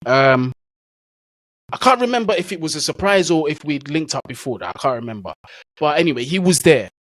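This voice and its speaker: A man's voice: fairly high pitch, sing-song, fairly quick, a bit bright, no room sound, low-quality recording. A man, a football content creator, telling stories in a casual, slang-heavy way as a guest in an interview. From England. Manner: easygoing, slang-heavy storyteller.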